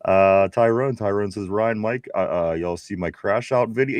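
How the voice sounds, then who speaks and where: A man's voice: medium pitch, animated, moderate pace, few pauses, no room sound. A man with a Pittsburgh accent co-hosting a casual live sports show, laughing and rambling as he reads out viewer messages. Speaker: podcast co-host. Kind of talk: casual live-stream chat.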